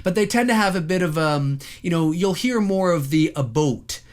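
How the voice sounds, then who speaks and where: A man in a vlogger's rant, talking straight to his viewers. His pitch leaps around as he gets worked up, and he fills gaps with ums and you-knows. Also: normal speed. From Toronto, Canada. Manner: animated, addresses viewers as folks, many fillers. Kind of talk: ranting monologue to camera.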